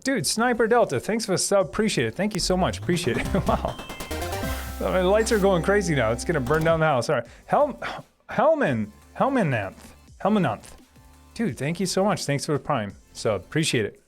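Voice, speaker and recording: Guy streaming from home, bouncy animated voice, chatty and laughing, faint music behind. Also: high voice, a little fast. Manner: chatty, laughs often, thanks viewers repeatedly. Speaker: live-stream host. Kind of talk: casual chat reading viewer comments.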